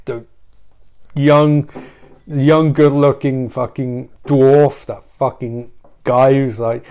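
Guy ranting thru a silly made-up story, swears nonstop, goes off on tangents, mid-pitch voice. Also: little pitch movement, slow pace, mellow. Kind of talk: rambling comic storytelling.

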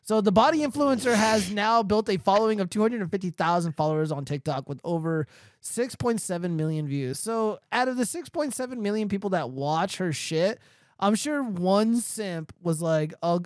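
A man's voice: high-pitched, lively intonation, moderate pace, dry recording, studio quality. A man hosting a crude comedic podcast, reading comments aloud and mocking them in casual banter. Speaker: show host.

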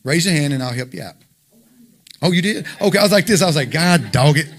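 A man's voice: on the high side, lively intonation, fast talker. A man preaching an informal sermon, conversational and emphatic, full of rhetorical questions.

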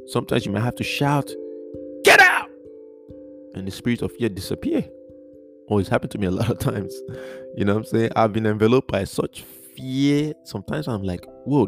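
Low-voiced man teaching over guitar. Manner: earnest, repetitive, spells out words letter by letter. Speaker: Bible teacher. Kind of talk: podcast Bible teaching.

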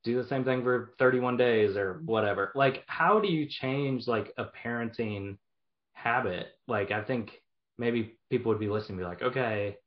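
A man hosts an interview in a casual, affirming way, often asking questions. His voice sits at an average pitch. The recording sounds dull and lo-fi. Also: moderate pace. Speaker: podcast host. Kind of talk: conversational interview.

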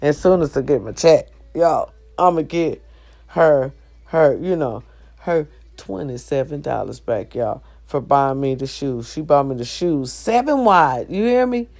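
A woman in pain, sitting on her bed and spinning a profane, animated story for her viewers. She talks to them directly, swearing freely and keeping the telling lively. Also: low-pitched, measured pace. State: sore, in pain. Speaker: vlogger. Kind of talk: casual storytelling vlog.

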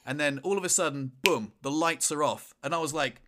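A young man with a bright, slightly high voice tells a story on a podcast. He leans into the dramatic moments, and his voice stays clear and forward. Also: a little fast. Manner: animated storyteller, shouts in retold moments. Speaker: podcast co-host. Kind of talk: casual chat, storytelling.

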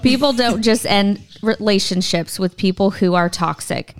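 A woman's voice: medium pitch, moderate pace. A woman co-hosting a faith podcast, reading aloud and chatting thoughtfully. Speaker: podcast co-host. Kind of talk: casual chat.

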